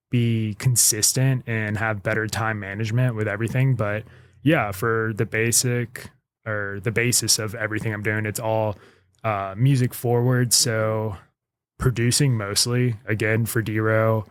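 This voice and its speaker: Laid-back low-voiced man. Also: fairly even intonation, a little slow, smooth, dry recording. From Memphis. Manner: laid-back, many fillers and restarts. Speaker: podcast guest, music producer and baker. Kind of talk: casual podcast chat.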